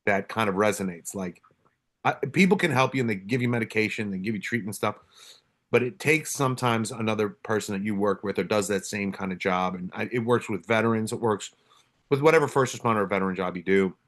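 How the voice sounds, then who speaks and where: A man's voice: fairly low pitch, a little fast, a bit bright. A man, a police officer hosting a podcast, telling stories candidly in casual conversation and swearing now and then.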